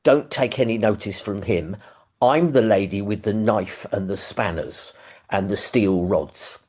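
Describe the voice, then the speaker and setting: A man's voice: on the low side, measured pace, darkish tone. Blunt, commanding female surgeon, curt orders, quoted by a London man in his own voice. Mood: stern. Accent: London English.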